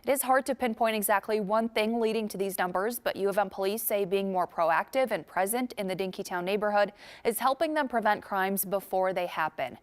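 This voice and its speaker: A female news reporter reading a scripted crime-data story in an even, measured way. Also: mid-range voice.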